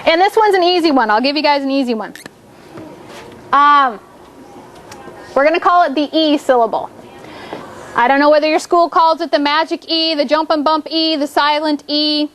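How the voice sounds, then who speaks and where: An upbeat woman teacher leading a phonics drill in a classroom, her voice pitched high and bright. She coaxes the children along playfully, with a faint hum of room noise behind her. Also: moderate pace, pauses often. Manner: upbeat, coaxing, playful game framing.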